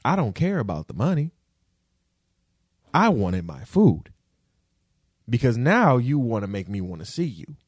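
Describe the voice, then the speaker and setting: A young man venting to the camera in a vlog, indignant and profane, repeating himself and swinging between low grumbles and sharp high outbursts. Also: big pitch swings, unhurried, pauses often, no echo, clean studio sound. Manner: indignant, profane, repetitive rant with big pitch swings.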